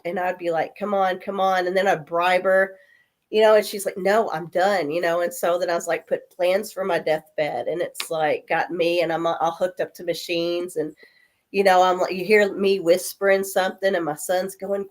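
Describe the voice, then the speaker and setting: A woman in her forties, coming down with a cold, telling animated stories in a casual chat and acting out the voices of people in them. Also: fairly low pitch, normal speed. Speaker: guest. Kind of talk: casual storytelling.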